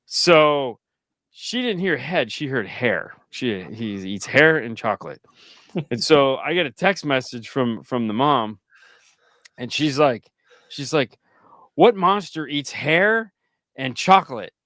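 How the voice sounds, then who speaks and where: A man co-hosting a casual chat show, telling stories with lively quoted voices. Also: medium pitch, slow pace, no room sound, clean studio sound. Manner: animated storyteller, jumps into quoted voices. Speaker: podcast co-host.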